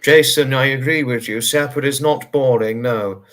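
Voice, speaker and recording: A man talks on his livestream at a middle pitch, sounding tired. He rambles earnestly through viewer comments, full of fillers and reassurance. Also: normal speed, fairly bright tone. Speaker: livestream host. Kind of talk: casual livestream chat, answering viewer comments.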